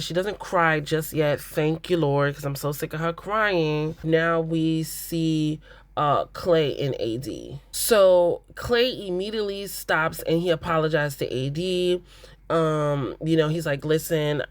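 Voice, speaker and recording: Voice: mid-range voice, no room sound. An adult host giving a casual, opinionated recap of a reality show in a blunt, exasperated way.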